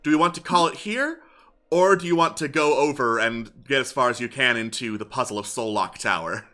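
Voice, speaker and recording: Male game master, very bright voice, narrates scenes, fills pauses with "uh". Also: mid-range voice, animated. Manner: descriptive narration with frequent fillers.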